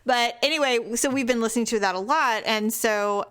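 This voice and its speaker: A woman's voice: fairly high pitch, normal speed, fairly bright tone, smooth. A woman co-hosting a podcast in casual chat, wry and opinionated, laughing often. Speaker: podcast co-host.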